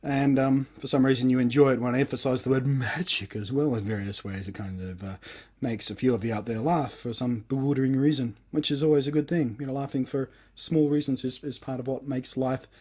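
A man vlogger giving a sarcastic, emphatic rant with drawn-out stresses on key words. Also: mid-range voice, steady tone, a little mellow, breathy edge. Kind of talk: ranting commentary.

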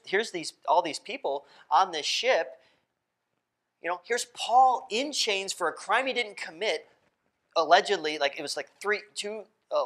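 A pastor preaching a sermon in a church, talking casually, asking the congregation questions and laughing often. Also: male voice, a little high, sharp tone. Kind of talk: interactive sermon. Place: church sanctuary.

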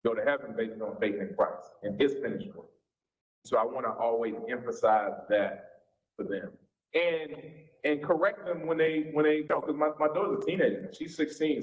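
A pastor in his forties with a Southern US accent, teaching a church seminar in a folksy, informal way. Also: a little high. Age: 40s. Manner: folksy, informal preacher's talk. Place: church sanctuary. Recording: echoey, dull church recording.

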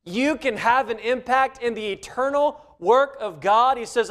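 A man's voice: very high-pitched, a little slow, hardly any pauses, a bit bright. A man preaching a sermon as pastor, earnest, giving quoted lines extra emphasis. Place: church sanctuary.

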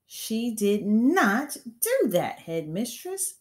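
A woman voicing a gentle young teacher who pleads earnestly for her pupil, read from a storybook. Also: on the low side, very animated, a little slow. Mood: earnest, pleading. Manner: pleading, raised and urgent.

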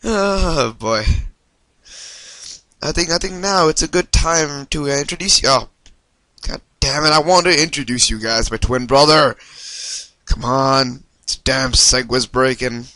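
A man hosting a let's-play video, reacting excitably and swearing when things go wrong. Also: medium pitch, a little slow, no room sound. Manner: excitable, yelps and swears at mishaps. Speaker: gaming video host.

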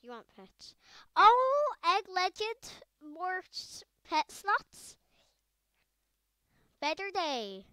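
A woman chats through her gameplay in a high, bright voice. She rambles, trails off and perks up with quick excitement. Her voice is dry and close, with no room echo. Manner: chatty and excitable, rambling with fillers. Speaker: gaming video creator. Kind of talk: casual gameplay commentary.

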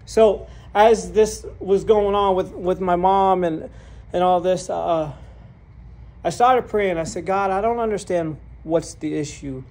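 A man with a high-pitched, slightly mellow voice speaks a little slowly as he shares his personal testimony in a sermon. The preacher is earnest and candid, often repeating words as he restarts, and he laughs at himself and his own story.

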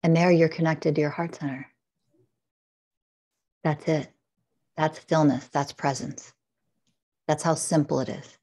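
Low-voiced woman guiding a meditation. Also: steady tone, mellow. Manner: slow, soothing guiding cadence with repeated affirmations. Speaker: guest, spiritual teacher. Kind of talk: guided heart-centered meditation coaching.

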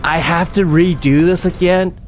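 A man's voice: high-pitched, fairly even intonation, a little slow, slight background noise. A man streaming himself playing a horror game, talking to himself with panicky yelps and nervous laughs. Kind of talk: let's-play commentary.

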